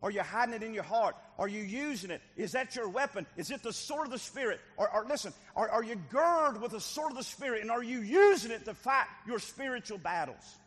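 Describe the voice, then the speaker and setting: A male pastor preaching a sermon to his church, moving from quiet teaching to shouted exhortation. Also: very high voice, animated, fairly quick, few pauses, big-room sound.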